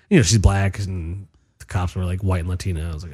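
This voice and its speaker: A man's voice: sits low, fast. A man chatting casually on a podcast, telling stories animatedly with crude language and acted-out quotes. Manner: animated, profane storyteller acting out quotes.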